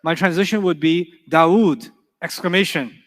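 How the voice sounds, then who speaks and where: A man teaching a grammar class in a lively, animated way, with a voice pitched a little high. He keeps checking in with his students. The hall behind him leaves a long echo. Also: normal speed. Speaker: Arabic teacher.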